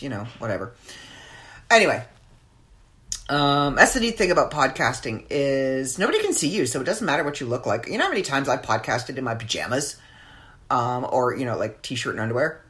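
Low-voiced lady rambling on her podcast, chatty, lots of ums. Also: sharp tone. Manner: chatty, rambling, with many fillers. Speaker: podcast host. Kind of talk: casual chat.

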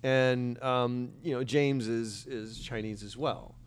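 A man's voice: medium pitch, steady tone, slow, clear, resonant tone. A man hosting a casual chat, enthusiastic and jumping in often.

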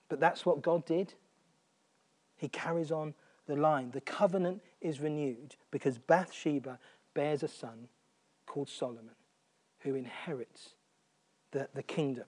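Man preaching, kinda high voice, earnest, repeats stuff, goes real quiet sometimes. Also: measured pace. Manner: earnest, drops to near-whisper on quiet points; repeats phrases for emphasis. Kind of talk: sermon.

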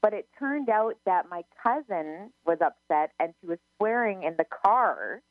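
A woman who does psychic readings co-hosts a casual radio chat, telling stories with frequent restarts and quoting herself often. Her mid-range voice is sing-song and unhurried. The dry recording has a narrow phone-line quality with faint music behind her.

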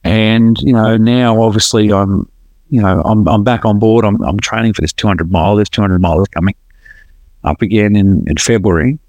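A man's voice: lowish voice, moderate pace, dry recording, highs cut off. A man telling his story to a podcast host in a casual, earnest way, often restarting his sentences. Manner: earnest, lively retelling with frequent restarts. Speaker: podcast guest.

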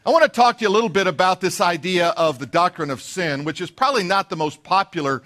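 A man's voice: high-pitched, quick pace, a bit bright. A man preaching a sermon as pastor, telling folksy stories with frequent fillers and restarts.

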